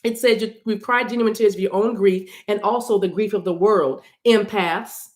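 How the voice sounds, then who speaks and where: A woman's voice: mid-range voice, steady tone, moderate pace, darkish tone, reverberant. A woman doing a casual livestream card reading, chatting with her audience and reading messages aloud. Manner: chatty, sings snippets, addresses chat directly. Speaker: spiritual reader.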